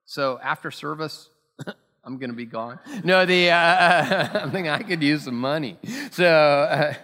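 Pastor preaching in a reverberant hall. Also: male voice, mid-range voice, fairly bright tone. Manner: conversational, self-deprecating storytelling with many fillers. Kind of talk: sermon. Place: church sanctuary. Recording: long reverb from a church hall.

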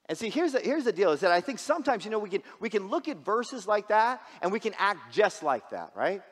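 A man's voice: high voice, sing-song, brisk, long reverb tail. A man preaching a sermon as a guest pastor, casual and joking, often repeating words as he restarts. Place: church sanctuary.

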